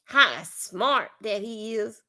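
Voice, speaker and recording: Her mid-range voice is animated, slow, bright and forceful as she rants on a live stream. She's a Floridian with a Southern accent, profane and blunt, and she rambles and repeats herself throughout the commentary.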